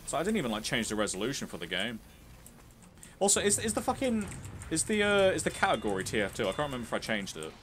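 A man's voice: mid-range voice, sing-song, fast talker, fairly bright tone, a little hiss or hum. A young man giving casual, sweary, joking commentary while streaming a game.

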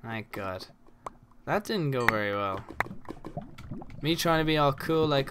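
A man's voice: mid-range voice, animated, measured pace, long pauses, background noise. An Irish man giving casual, rambling commentary while playing a game, full of crude jokes and asides. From Ireland. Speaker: gaming channel host.

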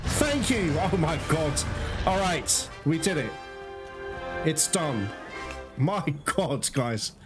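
A man's voice: fairly high pitch, slow, pauses often. A man giving gameplay commentary who gets worked up, swears freely and keeps calling his viewers guys. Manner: excitable, swears often, talks to viewers as guys. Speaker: let's play host. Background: game music.

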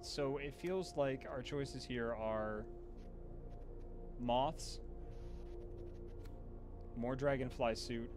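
A man streaming a card game, cursing and raving about the art in a casual, excitable way. A game soundtrack plays clearly under his voice. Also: mid-range voice, drawn-out words, long pauses, music in the background. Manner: excitable, profane, gushing over card art. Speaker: streamer host.

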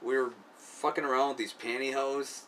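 A man's voice: mid-range voice, flat delivery, normal speed, a bit bright. Man, casual profane storyteller, rambling with fillers; recorded from a distance with faint noise. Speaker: video creator.

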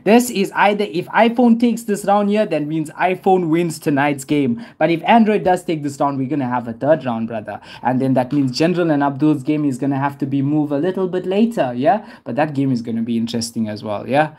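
A man's voice: on the high side, a little fast, few pauses, darkish tone. A man hosting a live gaming stream, hyped and repeating calls for players to hurry up.

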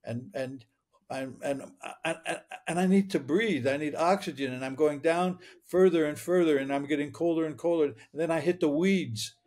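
A man's voice: fairly high pitch, normal speed, darkish tone. A man in his eighties from Michigan, a guest telling a long personal story earnestly, often repeating his words as he goes. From Michigan, United States. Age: 80s. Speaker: interview guest. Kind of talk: storytelling interview.

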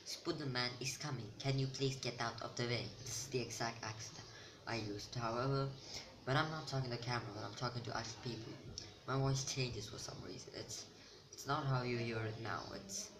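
A teenage boy vlogging to camera in a rambling, self-mocking chat that keeps losing its thread. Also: mid-range voice. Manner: rambling, self-mocking, loses his train of thought. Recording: noisy home recording.

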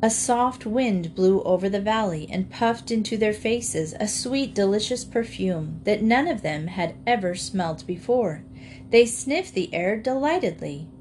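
A woman narrating a children's storybook in a gentle, lively storytelling way. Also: mid-range voice, measured pace, a little hiss or hum. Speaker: audiobook reader.

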